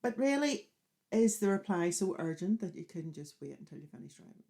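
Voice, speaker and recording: A woman's voice: fairly low pitch, big pitch swings, a little fast, vocal fry, mellow. A woman, co-hosting a casual podcast, who chats, teases and laughs easily. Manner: chatty, teasing, laughs easily. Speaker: podcast co-host. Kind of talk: casual chat.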